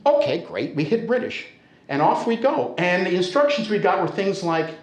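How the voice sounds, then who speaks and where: A man's voice: sits high, big pitch swings, moderate pace. An older American man telling a humorous personal story to a live audience in a storytelling center, speaking conversationally. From United States. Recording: echoey hall.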